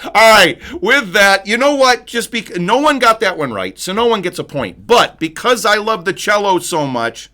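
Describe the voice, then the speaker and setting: A man's voice: high-pitched, lively intonation, moderate pace, hardly any pauses, bright, forceful tone. A man hosting a live-streamed trivia game, playful and jokey, reading out viewers' chat answers. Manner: playful, jokey, reads chat messages aloud. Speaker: trivia host.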